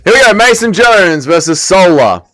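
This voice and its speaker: A young Welsh man hosting a casual livestream watch-along, chatting excitedly with his viewers and calling the action. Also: high voice, moderate pace. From Wales. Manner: excitable, chatty, reads chat aloud. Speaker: livestream host.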